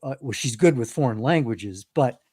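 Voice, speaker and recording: A man's voice: medium pitch, animated, normal speed, a little mellow, husky, no echo, clean studio sound. A man hosting an interview over a video call, asking questions in a friendly, conversational way. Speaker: interview host.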